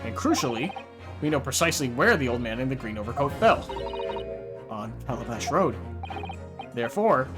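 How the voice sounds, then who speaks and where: A man's voice: medium pitch, close to an everyday voice. A man reading an earnest young defense lawyer. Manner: earnest, explanatory. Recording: game music behind.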